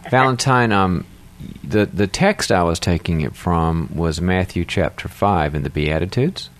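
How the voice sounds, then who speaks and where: Man, radio co-host, giving advice, very low voice, explanatory. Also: a little slow, no echo. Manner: explanatory, runs through references in long sentences. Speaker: radio show co-host, psychologist.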